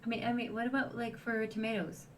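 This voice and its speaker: Talking quickly in a fairly high voice with little pitch variation, this Quebecois French-accented woman is a guest co-host on a relaxed livestream. She's chatty, laughs readily, and reads out viewers' comments; a faraway mic catches slight background noise.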